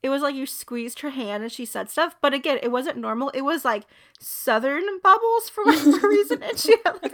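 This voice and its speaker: Speaking a little fast with hardly a pause, this young woman's high-pitched voice carries a casual podcast chat she co-hosts. She rambles, giggles frequently, and stays lively throughout.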